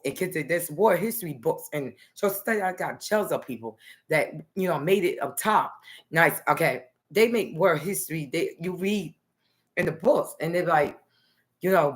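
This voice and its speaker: A woman from New Jersey talking in a loose, rambling personal monologue to the camera, dotting her talk with "okay" and "nice". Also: low-pitched. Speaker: vlogger.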